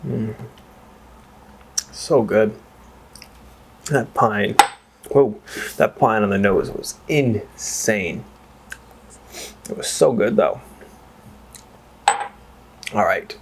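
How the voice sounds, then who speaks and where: A man's voice: fairly low pitch, a little hiss or hum. A man reviewing whiskey in a casual, rambling chat that wanders off on tangents and is full of exclamations. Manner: exclaims and swears freely.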